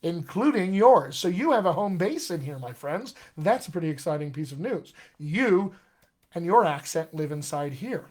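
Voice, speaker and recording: A man's voice: fairly high pitch, animated, normal speed, a little mellow. A man teaching accents and vowels as a dialect coach in a live online lesson, explaining patiently and often checking in with "all right?".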